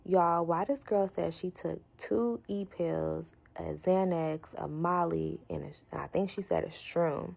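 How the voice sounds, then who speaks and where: A woman's voice: on the low side, unhurried, creaky, hardly any pauses, darkish tone, rough recording. A woman telling a story in a casual vlog, blunt, slangy and profane. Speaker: storyteller vlogger.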